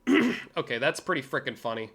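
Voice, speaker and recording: A man's voice: a little high, animated, moderate pace, music in the background. An American man hosting a livestream, reacting to clips with sarcastic, rambling commentary and profane asides. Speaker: livestream host reacting to videos. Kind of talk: casual commentary.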